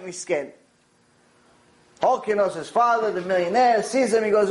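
A man giving a Torah lecture, telling stories in an animated way and repeating lines for emphasis. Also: sits high, normal speed, long pauses. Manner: animated storytelling, with repetition for emphasis. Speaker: Torah teacher.

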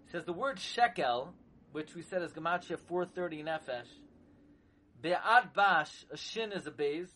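A man teaching a sermon in a slow, emphatic way, sometimes chanting verses in a singsong and hitting words with sudden loud stresses. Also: fairly high pitch, lively intonation. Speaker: rabbi teaching Torah.

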